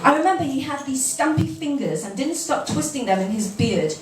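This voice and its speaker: British woman, high voice, wry self-mocking comic reader; captured from a distance in an echoey room with noise behind. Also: expressive, fairly quick. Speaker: reader at a live reading evening. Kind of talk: reading a humorous first-person piece to an audience. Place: café event room. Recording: echoey room, mic far off, background noise.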